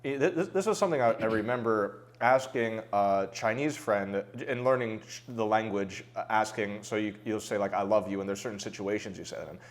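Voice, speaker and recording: A man's voice: fairly low pitch, fairly quick, few pauses. A man hosting a podcast, talking things over casually and repeating words as he thinks. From United States. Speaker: podcast host. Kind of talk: casual conversation.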